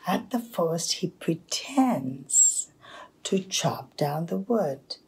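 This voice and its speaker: Slow, breathy woman telling a folktale. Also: on the low side, very animated. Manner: hushed, half-whispered narration with pauses. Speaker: storyteller. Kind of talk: oral storytelling.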